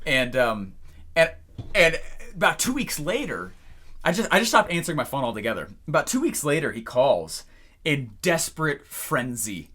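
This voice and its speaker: Young man, business coach, animated storyteller, high-ish voice, very lively pitch. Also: fairly quick. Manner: animated storyteller who acts out phone calls. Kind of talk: energetic talking-head lesson.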